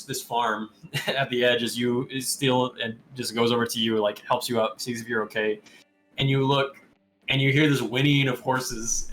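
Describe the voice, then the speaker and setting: Man running a tabletop game, laughing. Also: medium pitch. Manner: laughs often, loose and chatty. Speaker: game master. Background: soft music.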